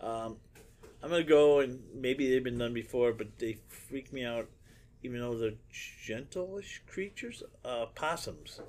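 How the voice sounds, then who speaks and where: A man co-hosting a casual podcast chat, excitable, quick to laugh and swearing. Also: mid-range voice. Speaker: podcast co-host.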